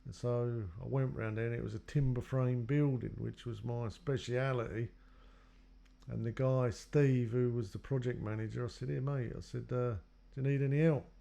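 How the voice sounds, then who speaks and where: This man recounts his life story at a moderate pace, his mid-range voice creaky and dark with fairly even intonation. He wanders as he talks, performing the words others spoke to him.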